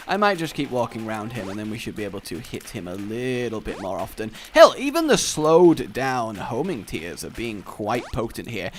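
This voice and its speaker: A man's voice: medium pitch, slight background noise. A young man giving joking let's play commentary, talking back to the game characters as he plays. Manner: joking, talks to game characters, lively swings in loudness. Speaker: gaming commentator.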